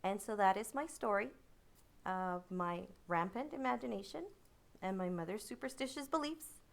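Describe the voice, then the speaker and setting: A woman telling a childhood story in a vivid, dramatic way, making thunder sounds with her voice and dropping to a hushed tone in the tense parts. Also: mid-range voice, expressive, moderate pace, creaky. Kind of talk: personal storytelling.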